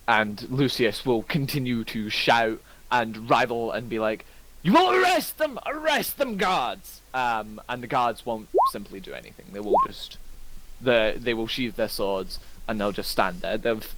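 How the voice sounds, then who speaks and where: A man narrating as game master in a relaxed way, with frequent ums. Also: on the low side, rough recording. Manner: relaxed, with many ums and kinda.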